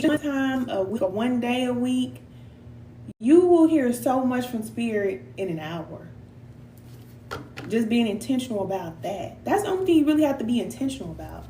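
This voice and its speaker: A woman's voice: a little high, warm tone. A middle-aged woman, hosting a casual spiritual live stream, reading viewers' comments aloud and laughing often in a folksy way. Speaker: spiritual reader and host. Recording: echoey room with faint hum.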